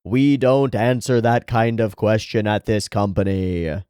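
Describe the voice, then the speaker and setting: A lazy, unhelpful god drawls every word slowly and loudly, as a man puts him on. The delivery is deadpan and unbothered. The sound is dry and close. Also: on the low side, smooth, dry recording, close to an everyday voice. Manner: very slow, drawn-out and loud. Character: deadpan, unhelpful male god, slow and booming.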